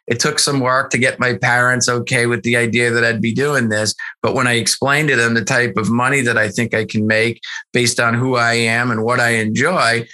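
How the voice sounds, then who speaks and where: Animated bright-voiced sales executive man. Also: medium pitch. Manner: earnest, animated storytelling with many restarts. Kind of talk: podcast interview talk.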